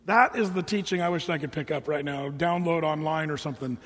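A fairly high-voiced pastor preaches in a relaxed, storytelling way, slipping into little voices for the people he describes. His tone is a bit husky, and his words carry a long echo through a big church hall. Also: brisk. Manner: casual, animated storytelling with voiced quotes. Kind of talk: sermon. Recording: reverberant hall.

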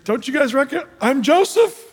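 A man's voice: extremely high pitch, lively intonation, moderate pace, voice pushed up. A man voicing a forgiving grown ruler who emphatically reassures his brothers. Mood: reassuring. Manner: emphatic, pleading. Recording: long hall reverb.

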